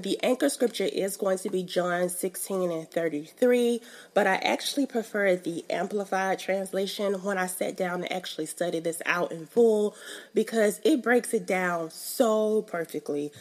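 A woman's voice: mid-range voice, a little mellow. A young woman giving a casual, emphatic devotional teaching in a conversational, colloquial way. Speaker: faith teacher.

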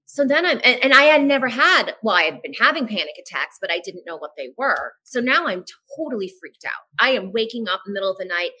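A woman talks as a podcast guest, telling her own story candidly. Her voice is bright and forward. She is animated and frank, swears casually, and slips into quick voices for the people she quotes. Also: on the high side, slightly rough, rough recording.

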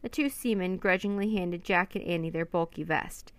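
A woman's voice: lowish voice, normal speed, dry recording. A woman narrating a children's storybook aloud, voicing each character herself. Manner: reads every character in lightly raised voices.

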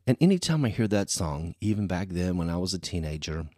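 A man hosts a casual solo podcast, rambling and chatty and leaning hard on "you know." His low, slightly mellow voice is very animated and brisk. It's a studio-quality recording with no echo.

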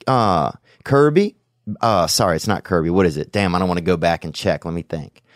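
A man's voice: low voice, normal speed, no room sound, clean studio sound. A man hosting a podcast, chatting casually and joking with a caller, rambling and swearing freely. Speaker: podcast host taking calls. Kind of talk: casual chat.

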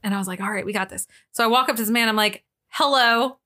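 A woman's voice: mid-range voice, steady tone, very fast, sharp tone. A young woman co-hosting a podcast, telling a story in casual chat, full of "like" and laughter. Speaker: podcast co-host.

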